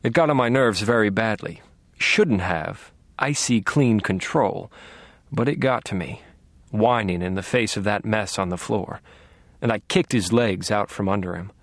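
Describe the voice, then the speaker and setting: A man narrating a first-person audiobook in a quiet, measured, menacing way. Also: lowish voice, dry recording.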